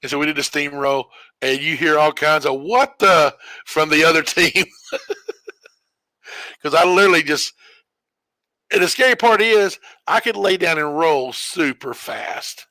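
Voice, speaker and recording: In a dry recording, a man with a slightly high, sharp-toned voice talks at a normal pace while playing a game. He spins a long, rambling story casually, stopping to correct himself and chuckle.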